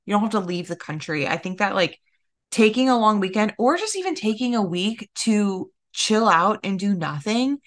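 A woman's voice: mid-range voice, animated, moderate pace. A young woman co-hosting a podcast in casual chat, talking in a chatty way with lots of fillers and acting out quoted talk. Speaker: podcast co-host.

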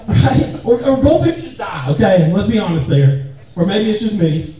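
High-pitched guy preaching casual w jokes, boomy echoey room, mic far away. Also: big pitch swings, unhurried, dark tone, muffled recording. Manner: casual call-and-response preaching with humor. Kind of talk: sermon. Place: church hall or meeting room with an audience.

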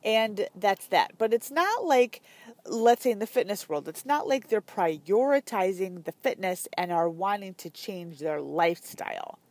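A woman coaches other trainers in a loose, chatty talk, leaning hard on fillers and sudden emphasis. Her voice sits at a middle pitch and sounds close and dry, with no room around it. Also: expressive, a little slow, darkish tone, no echo. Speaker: fitness business coach.

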